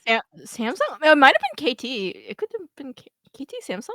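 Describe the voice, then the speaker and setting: A woman with a high voice chats easily as a podcast guest, giving relaxed, conversational replies. The recording is dry and close-miked. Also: a little fast, dry recording. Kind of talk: casual chat.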